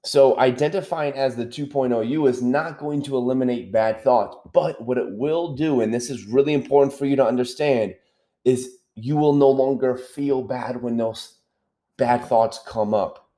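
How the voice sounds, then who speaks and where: In a dark-toned, mid-range voice at normal speed, a man hosts a motivational podcast on self-help. He keeps returning to his main points with earnest repetition and pauses to check in with the listener.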